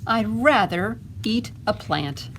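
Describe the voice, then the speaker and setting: A woman's voice: mid-range voice, animated, slow pace, slight background noise. A woman voicing a timid, polite baby dinosaur in a small, apologetic voice.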